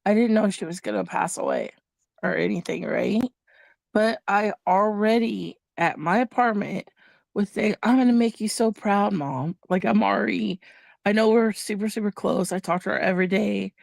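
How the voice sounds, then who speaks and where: A woman with a gravelly, creaky edge to her voice tells a personal story in a casual chat. She talks in an animated way and slips into the voices of the people she quotes. The recording is dry and close, with no room sound. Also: mid-range voice, moderate pace, dry recording. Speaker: host.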